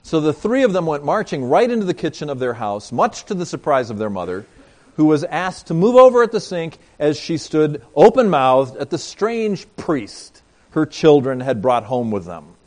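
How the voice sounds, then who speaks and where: With a slightly high voice and big pitch swings at a normal pace, a pastor delivers a sermon that tells a story and speaks straight to his congregation. He shifts back and forth between emphatic lines and hushed asides.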